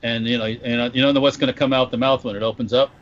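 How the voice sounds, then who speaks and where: A man's voice: mid-range voice, steady tone, rapid-fire, highs cut off. A man co-hosting a podcast, chatting casually, blurting out jokes and laughing a lot. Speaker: podcast co-host. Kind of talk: casual chat.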